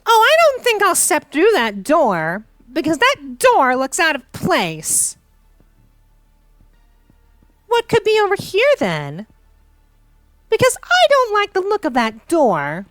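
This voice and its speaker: A woman's voice: very high voice, huge pitch swings, measured pace, fairly bright tone, no echo, studio quality. A young woman playing through a game with playful, theatrical, teasing commentary. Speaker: gaming streamer. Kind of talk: let's play commentary.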